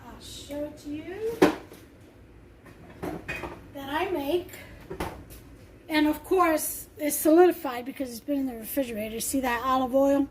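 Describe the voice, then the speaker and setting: A woman's voice: sits high, measured pace, pauses often, noisy background. A woman hosting a home cooking vlog, chatting casually in her kitchen, rambling and laughing often.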